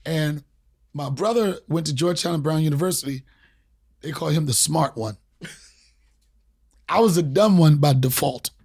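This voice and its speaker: A podcast host from the Washington, D.C. area, his voice fairly high and slightly rough, tells a long story at normal speed with frequent pauses. The chat is casual and animated, packed with swearing and voices he acts out.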